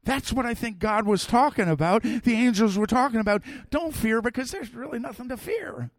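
A middle-aged man preaching a sermon, telling personal stories in an animated way that swings from loud to soft. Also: very high voice, normal speed, no echo, clean studio sound. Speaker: pastor.

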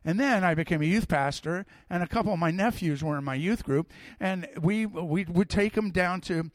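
Middle-aged guy preaching, lively storyteller, kinda high voice, dry sound. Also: moderate pace, no room sound. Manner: animated storyteller, swings from loud to soft. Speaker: pastor. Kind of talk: sermon with personal stories.

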